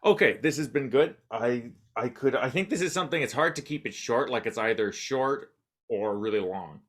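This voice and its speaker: A man's voice: mid-range voice, animated, normal speed. A man hosting a podcast, chatting casually, musing and self-deprecating, often trailing off. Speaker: podcast host. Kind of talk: casual interview chat.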